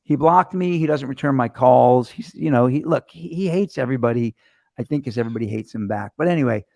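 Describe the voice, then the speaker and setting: A man hosting a casual show, telling stories in an animated, rambling and profane way into a camera setup. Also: medium pitch, quick pace, gravelly, no room sound. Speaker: host. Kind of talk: casual chat. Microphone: webcam or phone camera mic.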